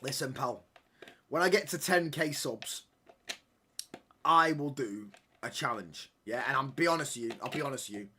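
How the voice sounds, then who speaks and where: A man's voice: mid-range voice, normal speed, pauses often, sharp tone, slight background noise. A young man, chatting casually with his live-stream viewers, full of slangy banter that he tags with "mate" and "pal". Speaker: football watchalong streamer.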